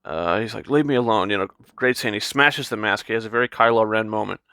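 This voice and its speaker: Chatty man reviewing a film, bright voice. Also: on the low side, fast, vocal fry, clear, resonant tone, no echo, studio quality. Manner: enthusiastic, rambling with fillers and restarts. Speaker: movie reviewer. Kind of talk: casual spoken film review.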